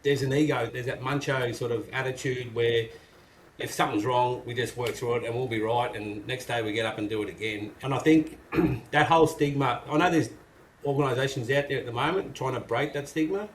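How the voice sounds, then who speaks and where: A man's voice: medium pitch, fairly quick. Blokey Australian tradesman, echoey room. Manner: blokey, frank, acts out what people say in a gruff voice. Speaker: podcast guest, carpenter and business owner. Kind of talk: casual interview chat. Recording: echoey room with faint noise.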